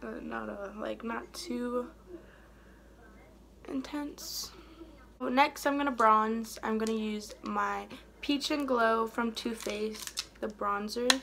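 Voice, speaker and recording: Slow-talking young woman with a gravelly voice. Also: a little high, fairly even intonation, noisy background. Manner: chatty, rambling, trails off softly mid-thought. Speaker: beauty vlogger. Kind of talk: casual get-ready-with-me chat.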